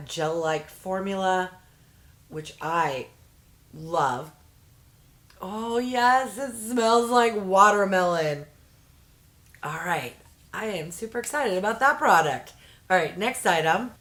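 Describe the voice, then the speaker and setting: A woman's voice: mid-range voice, fairly bright tone. A middle-aged woman chatting casually as she unboxes beauty products, easily delighted and making jokey asides. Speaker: unboxing vlogger.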